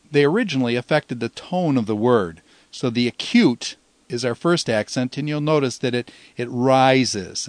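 A man's voice: medium pitch, no room sound. Patient man teaching, dry close sound. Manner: patient, slows down to sound out example words. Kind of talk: recorded language lesson.

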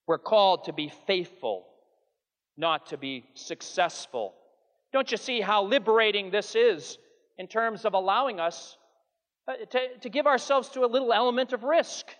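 High-voiced preacher in a reverberant hall. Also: male voice, moderate pace, fairly bright tone. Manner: earnest, emphatic preaching with rising and falling delivery. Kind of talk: sermon.

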